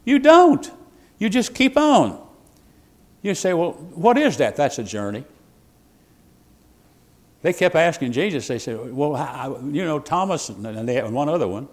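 A man preaching a sermon in a folksy way, quoting old scripture, shifting between emphatic bursts and quiet asides. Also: mid-range voice, expressive, moderate pace. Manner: folksy, quotes King James scripture, chuckles at own jokes. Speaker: pastor.

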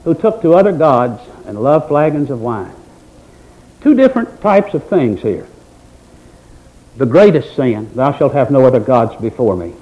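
A man preaching a sermon in a folksy, dramatic manner, with mocking asides in a quiet voice. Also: medium pitch, very animated, moderate pace. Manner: folksy Southern-style preaching with dramatic swings in volume. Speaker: pastor. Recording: dull lo-fi recording.

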